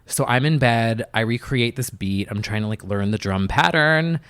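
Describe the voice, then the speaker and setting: A young man talks as a podcast guest, rambling through his stories with plenty of "like" and quick asides. His voice sits at an ordinary middle pitch, and he sounds easy and conversational. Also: a bit bright, smooth. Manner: chatty, filler-heavy storytelling with many "like"s. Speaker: podcast guest, music producer. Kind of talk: casual interview chat.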